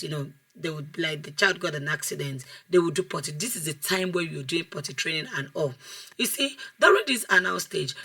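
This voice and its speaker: A woman, a child development coach giving an online class lecture over a video call, animated, asking the class questions and repeating phrases for emphasis. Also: lowish voice.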